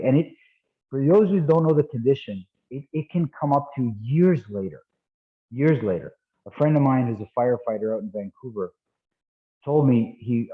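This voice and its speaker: A man in his fifties gives an online training talk with a somewhat low voice. He speaks conversationally, often repeating himself and checking in with the group. The sound is thin and phone-like, as if over a video call. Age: 50s. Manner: conversational, repeats words, asks "right?". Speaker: martial arts instructor. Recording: tinny phone-like call audio.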